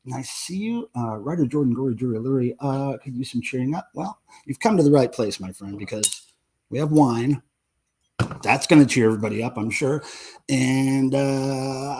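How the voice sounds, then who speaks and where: A man's voice: mid-range voice, a little mellow, husky. A man hosting a casual live stream from home, greeting chat viewers one by one with lots of fillers.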